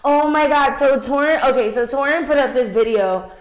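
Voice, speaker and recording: A woman's voice: sits high, moderate pace. Rambling woman telling stories in a roomy space. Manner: rambling, animated storytelling with lots of fillers. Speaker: podcast co-host. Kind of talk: casual chat. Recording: roomy echo.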